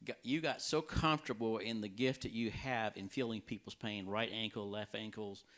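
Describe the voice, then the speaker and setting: A man, a healing evangelist, telling a testimony to a church, animated and jumping into a high voice for his own quoted reactions. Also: normal speed.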